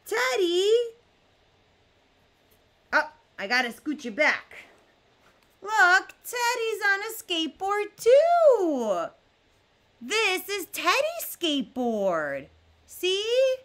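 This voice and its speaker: A young adult woman hosting a children's learning show, talking slowly to toddlers with big gasps and playful animal sounds. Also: high voice, sharp tone. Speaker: children's educator host. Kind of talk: slow, animated talk to toddlers.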